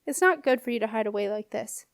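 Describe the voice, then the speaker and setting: A woman's voice: fairly high pitch, lively intonation, quick pace, dry recording, clean studio sound. A woman voicing an earnest, impatient young male apprentice who speaks urgently and coaxingly.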